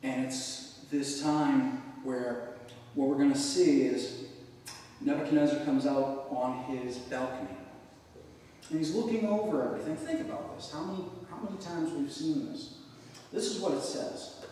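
A man's voice: mid-range voice, lively intonation, normal speed, dark tone. A man preaching a sermon as pastor, reading scripture aloud and then explaining it in loose conversational asides. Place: church sanctuary. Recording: echoey church hall, mic at a distance.

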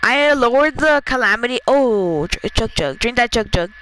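A gamer chatting casually during a match, excitable and quick to laugh, giving a teammate quick instructions. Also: medium pitch, a crowd in the background, poor audio. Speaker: gamer playing with a friend. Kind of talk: casual gameplay chat.

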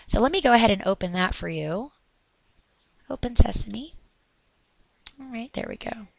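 A woman's voice: medium pitch, animated, fast talker, vocal fry. A woman teacher giving a recorded science lesson in an upbeat, chatty way with little asides.

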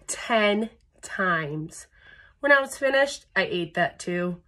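A woman's voice: mid-range voice, slow pace, fairly bright tone. A woman reading a children's picture book aloud at storytime, adding playful sound effects and chatting to young listeners between pages.

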